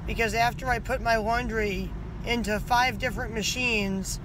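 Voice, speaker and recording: Against a noisy background, this woman narrates a casual vlog outside her house, recounting her day in a chatty, exasperated way with lots of "like" fillers. Her voice is on the high side, with fairly even intonation and a moderate pace.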